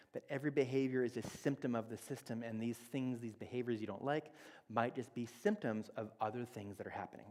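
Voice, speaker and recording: A man in his thirties talks through a sermon in a relaxed teaching manner, now and then acting out little exchanges. His voice sits in a middle register. The sound carries the long echo of a church hall. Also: mid-range voice. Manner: conversational teaching, acts out quoted dialogue. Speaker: church speaker. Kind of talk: sermon on relationships. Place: church sanctuary.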